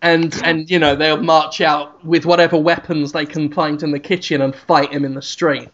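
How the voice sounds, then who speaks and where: A man co-hosting a podcast, telling a rambling comic story with animated delivery. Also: fairly high pitch, normal speed, muffled recording, background noise. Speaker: podcast co-host.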